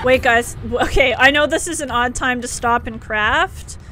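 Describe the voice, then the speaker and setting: A woman streaming herself playing a horror game, giving excitable live commentary and shrieking and shouting at enemies. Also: fairly high pitch, moderate pace, slight background noise. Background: game music.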